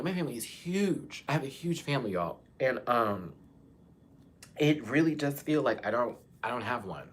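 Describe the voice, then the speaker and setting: A young man from Texas, hosting a live chat and talking frankly to his viewers, his voice swinging between soft and loud. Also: medium pitch, lively intonation, normal speed. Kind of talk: candid live-stream talk to viewers.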